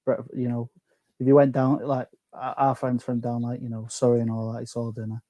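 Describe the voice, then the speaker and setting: A man's voice: mid-range voice, completely flat delivery, brisk, warm tone, no echo. A man appearing as a guest on a podcast, teasing the others in casual chat and laughing at his own jokes.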